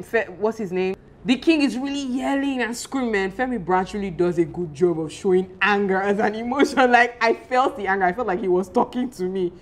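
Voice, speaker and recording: A young woman, casually chatting and recapping a TV series in an animated, exclaiming way. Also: medium pitch, fairly quick. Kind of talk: casual chat.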